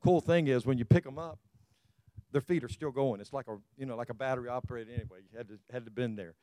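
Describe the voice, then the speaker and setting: An older man preaching as a pastor, with a mellow, warm voice and a dry, close sound. He pushes the congregation with repeated calls and stumbles into restarts as he goes. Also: mid-range voice, quick pace, dry recording. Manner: exhorting, repeats "come on" to the congregation. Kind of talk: sermon.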